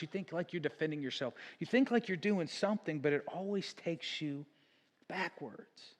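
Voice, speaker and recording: Casual storytelling pastor, echoing church. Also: male voice, fairly high pitch. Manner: casual storytelling with frequent "like" and self-corrections. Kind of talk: sermon. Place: church sanctuary. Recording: long church hall reverb.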